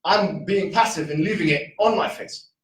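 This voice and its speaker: A man giving a casual, argumentative talk to a live audience, full of rhetorical questions and quick asides. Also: sits high, echoey room, distant mic, rough recording. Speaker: speaker.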